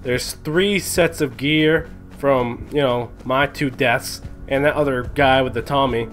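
A young man giving live, excitable commentary on a game he plays, swearing and yelling when surprised. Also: medium pitch, measured pace, soft background music. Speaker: gaming commentator.

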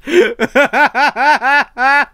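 A man's voice: very high-pitched, fairly even intonation, extremely slow, pushed and bright, dry recording, studio quality. A young man streaming, chatting casually and rambling, with lots of swearing and chuckles.

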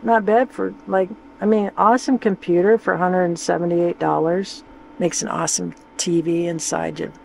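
A man's voice: high voice, level tone, moderate pace, vocal fry, a little mellow, a little hiss or hum, poor audio. A man vlogging casually from inside his camper van, rambling and joking and talking to his dog. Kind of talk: casual vlog chatter.

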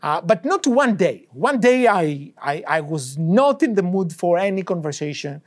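A male university professor lecturing in English, which is not his first language, telling a story in a conversational way. He switches between voices to play out the exchanges, in an unhurried and informal lecture-hall style. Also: sits high, sing-song. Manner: anecdotal storytelling that acts out both sides of dialogues. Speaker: economics professor.

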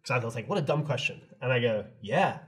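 A man's voice: mid-range voice, lively intonation, quick pace, a bit bright, breathy edge. A middle-aged man on a podcast, telling a long story in casual chat and acting out both sides with laughs. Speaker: podcast co-host.

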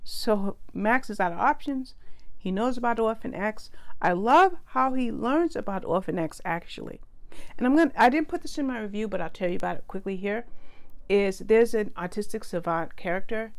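A woman's voice: medium pitch, animated, normal speed. A woman giving a casual spoken book review, chatty and prone to correcting herself and wandering into asides.

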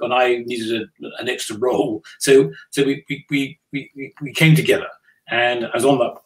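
An older man from the United Kingdom recounts business lessons in an unhurried interview. He tells his stories with dry, self-deprecating humor and often restarts his sentences mid-thought. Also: mid-range voice, rough recording. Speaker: business leader guest. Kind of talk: conversational interview storytelling.

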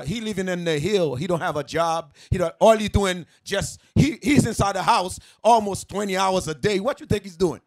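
A man with a fairly high voice teaching a class in a loose, conversational way. He keeps checking that his listeners follow and puts questions to them. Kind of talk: casual sermon talk.

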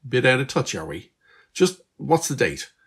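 A man voicing a stubborn, curious teenage girl who keeps asking questions, in a husky voice. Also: mid-range voice, very animated, moderate pace, a bit bright, voice pushed up, full character voice. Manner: pushy, questioning.

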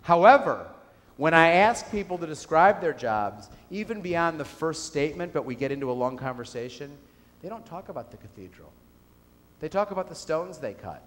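A man's voice: fairly high pitch, lively intonation, normal speed. A man giving a business keynote speech to a live audience, telling a story and asking the room questions. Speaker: keynote speaker. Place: lecture hall with audience. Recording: reverberant hall.

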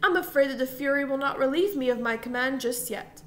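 Brief: woman voicing a stern, tired father in a storybook, grave and measured, a bit high. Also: close to an everyday voice. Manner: measured, grave, slightly sad. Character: stern yet weary father, a commandant.

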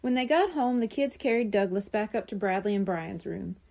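Library storyteller, female, mellow tone, lively and expressive read-aloud. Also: medium pitch, moderate pace, gravelly. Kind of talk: reading a children's book aloud.

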